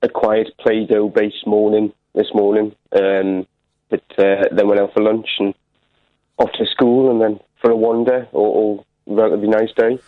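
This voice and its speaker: A man's voice: on the low side, flat delivery, normal speed, no room sound. Hesitant man on a phone line. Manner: hesitant, many fillers.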